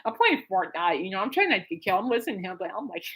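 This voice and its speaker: A woman's voice: medium pitch, big pitch swings, very fast, fairly bright tone, husky, low-quality recording. A woman hosting her own podcast, rambling casually through a story with frequent laughs and restarts. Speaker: podcast host. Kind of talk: casual solo podcast chat. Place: at home.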